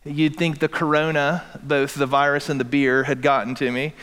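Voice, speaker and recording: Emphatic preacher in an echoing hall. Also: male voice, a little high, little pitch movement, moderate pace, fairly bright tone, clear, resonant tone. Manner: emphatic preaching with building repetition. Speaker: pastor. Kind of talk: sermon. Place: church sanctuary. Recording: long reverb of a church hall.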